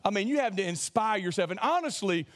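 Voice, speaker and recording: A pastor preaching a sermon in an animated way, acting out comic scenes with shouts. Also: male voice, sits high, quick pace.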